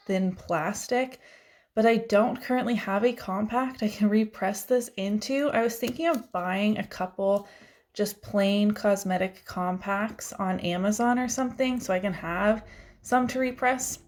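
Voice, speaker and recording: Going through her makeup drawer, a young adult woman vlogs in a casual, self-deprecating, chatty way and laughs often. Her mid-range voice has a darkish tone, and she speaks a little slowly.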